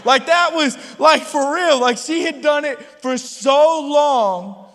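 A man's voice: very high voice, takes it slowly, fairly bright tone. A man preaching a sermon in a chatty, storytelling way, often asking the crowd if they follow him. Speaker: pastor. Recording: long hall reverb.

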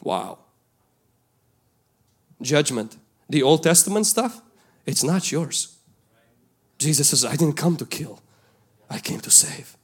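A male pastor, preaching a sermon and telling a story from his youth, swinging between loud calls and hushed asides. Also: a little high, animated, slow pace, pauses often, breathy edge. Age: 20s at the time of the story, now older.

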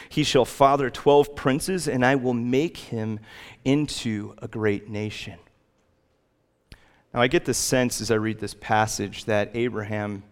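A male pastor preaching a sermon, animated, climbing to loud emphatic peaks and then dropping back down. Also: medium pitch.

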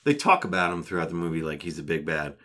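A man's voice: low voice, very animated, quick pace, sharp tone. A man co-hosting a podcast in casual chat, wry and teasing, swearing now and then. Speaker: podcast co-host.

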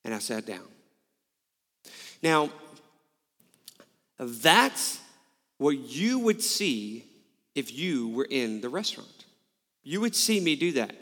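A man's voice: medium pitch, sing-song, slow pace, pauses often, a bit bright. A male pastor preaching a sermon, telling a personal story with candid, self-mocking humor. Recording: long hall reverb.

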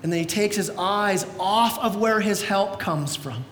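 A man preaching a sermon as pastor, telling the story in a lively way and acting out voices, sometimes shouting. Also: unhurried. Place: church sanctuary. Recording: echoey church hall with faint rumble.

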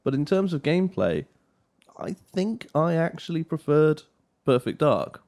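Measured man in casual podcast chat. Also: a little high, sing-song, a little mellow. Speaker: podcast co-host. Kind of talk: casual chat about games.

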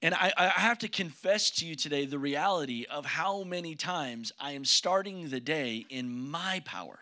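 A man preaches as pastor in a church sanctuary, joking casually and questioning his congregation as he talks. His voice is on the high side, animated and bright, with a forceful tone and moderate pace.

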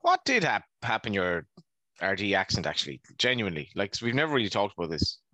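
A man co-hosts a podcast in quick, animated speech. He teases and jokes with his partner. His bright voice sounds close and dry. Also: low voice, dry recording. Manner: teasing, jokey. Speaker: podcast co-host. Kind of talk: casual podcast chat.

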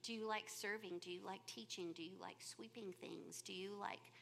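A woman giving a sermon with animated, humorous storytelling. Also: mid-range voice, normal speed, gravelly, slight background noise. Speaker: church speaker.

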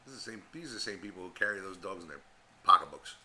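A man's voice: low-pitched, lively intonation, very fast, bright, forceful tone, slight background noise, poor audio. A man co-hosting a podcast, trading casual, profane banter and tossing in jokes. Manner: wisecracking, chimes in with jokes. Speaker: podcast co-host.

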